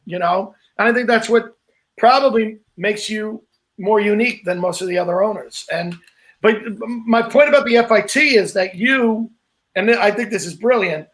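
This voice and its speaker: A man's voice: high-pitched, a bit bright. A man, a comedian co-hosting a podcast, talking in an earnest, casual way. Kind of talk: casual chat.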